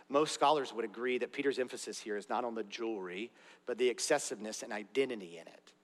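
A man's voice: on the low side, a little fast. A man preaching a sermon as pastor, earnest and direct, with conversational asides to the congregation in a church. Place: church sanctuary. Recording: long reverb of a large hall.

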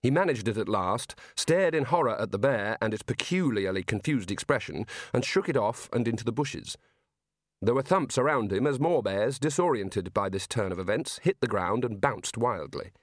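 A man reading a novel aloud as an audiobook narrator, in measured storytelling. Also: medium pitch, expressive, no echo, studio quality. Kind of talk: scripted narration.

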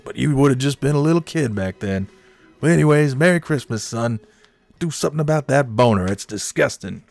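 A man voicing a gruff, crude older male boss who scolds in a raised, bossy voice. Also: medium pitch, lively intonation, a little fast, darkish tone, no echo, faint music behind, voice pushed up. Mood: gloating.

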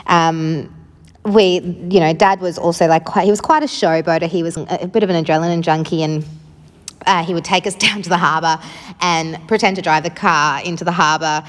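A woman's voice: low voice, steady tone, brisk, long reverb tail. A woman telling her own life story in a frank, casual way, swearing freely and often saying "like". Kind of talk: candid personal storytelling.

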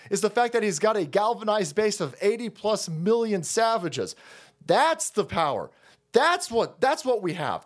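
A man with a strikingly high voice tears through a profane political rant on his stream. He repeats himself for force and drops into mocking imitations of the people he argues against. His talk runs hot and relentless. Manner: heated, profane, repetitive ranting with sarcastic mock quotes.

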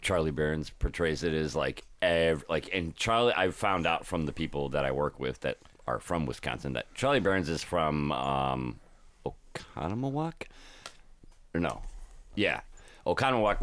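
A man's voice: deep voice, animated, moderate pace. A man from Ohio, a truck driver, chatting casually on a podcast, rambling with lots of filler words and restarts.

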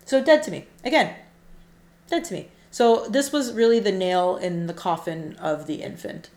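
An animated woman co-hosting a chat show, telling her own stories and acting out the texts she got. Her voice sits in a middle register. The recording has a roomy echo. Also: mid-range voice, normal speed. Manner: animated, acts out quoted texts. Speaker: podcast co-host. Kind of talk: casual chat, storytelling.

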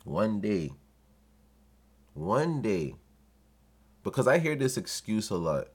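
A young adult man hosting a podcast, telling comic stories in a profane, animated way and acting out the people he quotes. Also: on the low side, a little slow, long pauses, slightly rough. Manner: profane, animated, acts out quoted voices with laughs. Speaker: podcast host. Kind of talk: comedic storytelling monologue.

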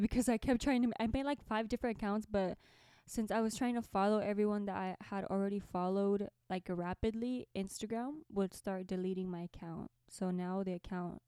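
A woman's voice: mid-range voice, warm tone, clean tone, no room sound, studio quality. A young woman hosting a podcast, telling a story to camera in a chatty way, laughing often, in a small bedroom. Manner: chatty, laughing, lots of fillers. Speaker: podcast host and musician. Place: small orange bedroom by a window.

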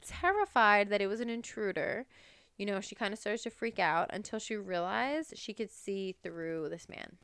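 A woman's voice: medium pitch, animated, normal speed, fairly bright tone, clear, resonant tone, no room sound. Chatty young woman telling ghost stories. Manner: chatty, many "like" fillers, breaks into laughter. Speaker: podcast co-host. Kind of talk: casual true-crime and ghost story chat.

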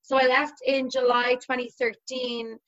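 In a casual conversation, a twenty-something woman appearing as a guest talks slowly, her fairly bright, high voice showing little pitch movement. She is chatty and leans on lots of filler words, captured in slightly dull, lo-fi audio.

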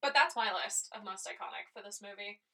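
Giggly young woman, bright voice. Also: medium pitch, brisk, vocal fry. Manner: giggly, animated retelling with quoted reactions. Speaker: podcast co-host. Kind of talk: casual chat.

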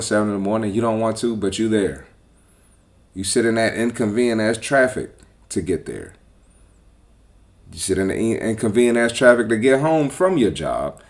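A man hosting a podcast as a personal trainer, talking bluntly and with profanity in a casual, animated monologue. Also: lowish voice.

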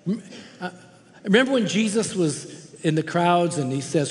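A man's voice: high-pitched, moderate pace, big-room sound. A man preaching a sermon as a guest preacher in a church, impassioned and emphatic, repeating words for stress. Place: church sanctuary.

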